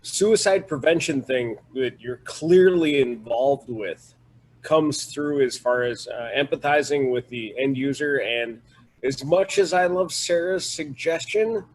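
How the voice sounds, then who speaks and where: A man's voice: medium pitch, poor audio. A man on a video call, talking frankly and joking, sometimes laughing mid-sentence. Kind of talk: casual video call chat.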